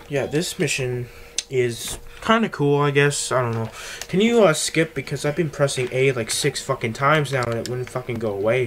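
A man's voice: medium pitch, slight background noise. Male gameplay commentator, angry and foul-mouthed, recorded on cheap earbuds. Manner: ranting, swearing constantly. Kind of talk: casual game commentary.

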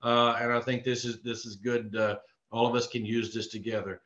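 A man's voice: mid-range voice, level tone, moderate pace, fairly bright tone. A man from Texas giving a live online sales training, earnest and repetitive in his coaching. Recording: echoey room, dull lo-fi sound.

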